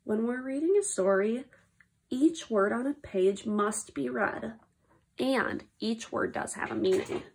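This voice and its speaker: A woman reads aloud to young children in a teaching tone, her high voice climbing and dipping with lively swings. She takes her time, lingers on words, and plays up mock shock at every ridiculous line, with a gravelly fry at the ends of phrases. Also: unhurried. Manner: playful, exaggerated reactions to silly words. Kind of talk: read-aloud lesson for children.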